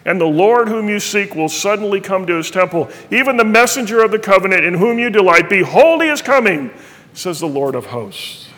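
A man's voice: sits high, animated, brisk, a bit bright, in a large hall. A middle-aged man preaching a sermon as pastor, earnestly reading and explaining scripture.

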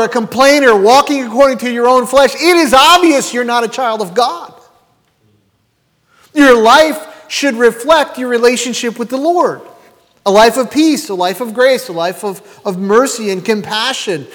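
A man's voice: very high voice, fairly bright tone. A man in his fifties preaching a sermon as pastor, throwing rhetorical questions at the congregation. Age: 50s. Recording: long hall reverb.

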